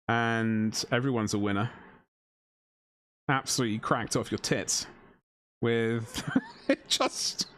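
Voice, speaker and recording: A man's voice: on the high side, a bit bright, no room sound. Chatty man streaming. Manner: chatty, jokey, mock-outraged asides. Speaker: miniature painting streamer. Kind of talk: casual live-stream chat while painting.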